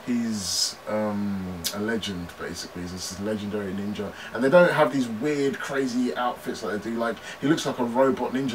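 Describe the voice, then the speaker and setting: A young man hosting a reaction video, rambling casually with many restarts and frequent laughs. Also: lowish voice. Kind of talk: casual commentary. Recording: distant mic with background noise.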